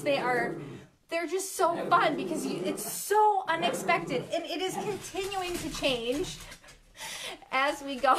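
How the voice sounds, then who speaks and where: A woman hosting a live paint pouring demo from her home studio, chatting with viewers in a giggly, easily excited way. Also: high-pitched. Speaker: art studio host. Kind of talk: live craft demo chat. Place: home studio, dogs in the house. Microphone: live stream from a phone or camera.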